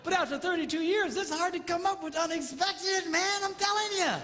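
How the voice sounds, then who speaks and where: A man giving a comedic seminar talk on marriage, animated and mimicking squealing women in falsetto. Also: moderate pace, a little hiss or hum. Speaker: comedic relationship speaker. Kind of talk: stand-up style seminar talk. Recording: live hall, faint ambience.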